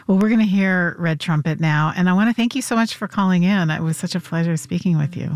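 A woman's voice: fairly low pitch, fast talker, dry recording, studio quality. A woman hosting a radio interview, asking short, attentive questions. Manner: attentive, brief reactions. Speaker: radio host.

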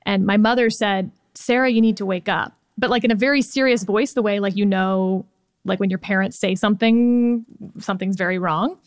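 A woman in her forties from Texas, co-hosting and talking candidly in an animated conversational discussion. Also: medium pitch, normal speed, dry recording, clean studio sound. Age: 40s. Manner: animated, candid, chatty with many fillers. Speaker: podcast co-host.

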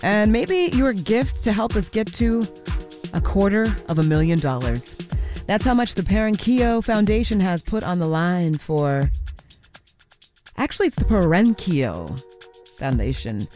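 A relaxed woman DJ talks over soft music in a radio studio. She rambles a little and corrects herself as she goes. Her pitch sits in an ordinary middle range. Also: unhurried. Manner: easygoing, loose, with fillers and self-corrections. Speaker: radio DJ host. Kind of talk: casual on-air chat and pledge drive appeal.

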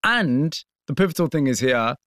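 A man interviewing a guest and narrating the story between questions, probing and measured. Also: fairly high pitch, very animated, fairly bright tone, no room sound, clean studio sound.

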